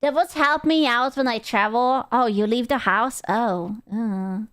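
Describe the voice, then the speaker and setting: A woman's voice: a little high, measured pace, a bit bright, no room sound, studio quality. A young woman streamer chatting casually with her chat, rambling, teasing and swearing freely.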